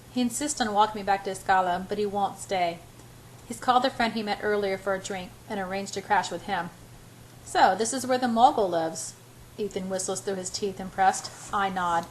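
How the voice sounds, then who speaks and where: An older woman reading a novel aloud as an amateur, unhurried, with small slips and restarts. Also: mid-range voice, slight background noise, rough recording. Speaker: reader.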